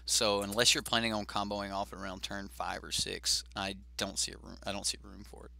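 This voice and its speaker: Gravelly low-voiced man calling a card game. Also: flat delivery, a little fast, sharp tone. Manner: chatty, thinks aloud with fillers. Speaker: host. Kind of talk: casual game commentary.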